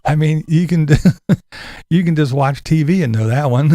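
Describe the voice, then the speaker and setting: Answering his chat in a casual commentary stream, a man speaks a little slowly in a fairly high voice with a dark tone, recorded dry. He laughs through most sentences and swears as he mocks his online viewers.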